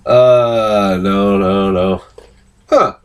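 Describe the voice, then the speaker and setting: A man giving a casual, rambling film review, swearing a lot and stumbling through restarts, jumping higher whenever he quotes a line. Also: extremely slow, clear, resonant tone. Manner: rambling, heavy swearing, many fillers and restarts; jumps to high, excited pitch when quoting lines.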